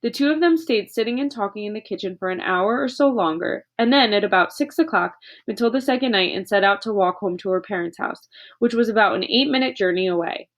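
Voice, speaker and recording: A woman narrating a children's book aloud in a steady storytelling voice. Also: medium pitch, brisk. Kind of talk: audiobook reading.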